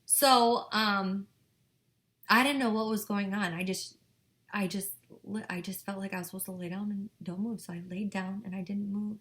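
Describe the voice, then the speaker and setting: Woman telling a story in flat, halting tones. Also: medium pitch. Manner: halting, full of fillers and restarts, drops to a whisper. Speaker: vlogger. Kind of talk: personal storytelling to camera.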